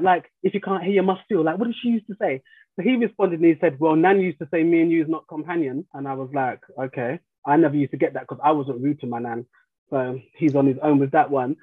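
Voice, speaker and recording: On a tinny, phone-like line with no echo, a middle-aged grandmother and life coach chats casually for a podcast in a lowish, slightly rough voice. She tells family stories, laughs easily and mimics her relatives' voices.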